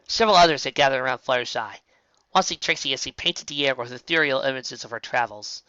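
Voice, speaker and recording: A woman narrating a fan story aloud in an expressive amateur audiobook reading, recorded on a dull lo-fi home setup. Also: rumbling low, fast talker, no room sound. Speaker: fanfiction reader.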